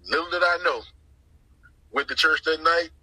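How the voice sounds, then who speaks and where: A middle-aged man tells his life story as testimony. His voice is husky and tight, with a very bright, sharp edge. He talks with lots of animation, repeating lines and putting on the voices of the people he quotes. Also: on the high side, normal speed, no room sound, low-quality recording. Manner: lively storyteller who acts out the voices he quotes, repeats phrases. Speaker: guest sharing his testimony.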